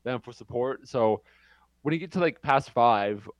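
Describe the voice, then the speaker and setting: A man's voice: mid-range voice, expressive, a little slow, dry recording. Hesitant filler-heavy podcast co-host man. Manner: hesitant, self-deprecating, many fillers. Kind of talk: casual chat.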